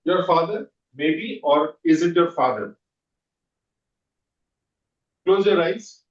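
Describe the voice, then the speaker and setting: A man leading a guided visualization exercise as a trainer, coaching with quick repeated questions. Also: fairly high pitch. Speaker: NLP trainer. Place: training room. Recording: dull echoey room audio from far off.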